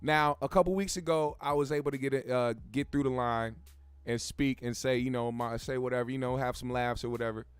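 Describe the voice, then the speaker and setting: A man's voice: mid-range voice, fairly even intonation, fairly quick, clean tone, no echo. A young man hosting a casual pop-culture commentary show, talking in a profane, rambling way with frequent restarts. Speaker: host.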